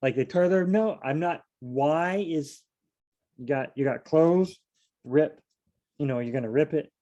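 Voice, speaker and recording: A man leading a casual Bible study, reading verses aloud and explaining them in a chatty, animated way. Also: a little high, unhurried, lo-fi sound.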